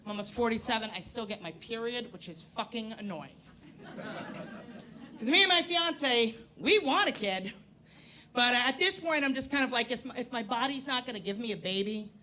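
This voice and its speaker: A woman's voice: a little high, sharp tone, slight background noise. A woman in her forties doing a brash, profane stand-up comedy set on a comedy club stage, teasing the crowd. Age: 40s.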